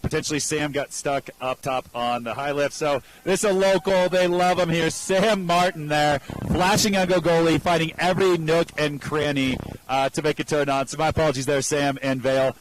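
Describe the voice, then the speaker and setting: A man's voice: a little high, fairly even intonation, normal speed, a little hiss or hum, poor audio. Laid-back male ski co-commentator. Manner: laid-back, casual, lots of fillers. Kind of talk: live freeride ski commentary.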